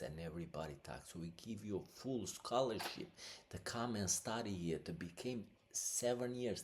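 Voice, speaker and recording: A man hosting a podcast, giving impassioned opinionated news commentary, halting often with restarts and fillers. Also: low-pitched, a little mellow, a little hiss or hum. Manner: impassioned and agitated. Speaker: podcast host.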